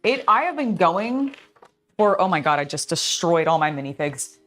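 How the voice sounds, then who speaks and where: A tired young woman chatting casually on a live stream while building, scattered and excitable. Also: fairly low pitch, normal speed, soft background music. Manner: scattered, excitable, self-talking. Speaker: streamer building a LEGO set.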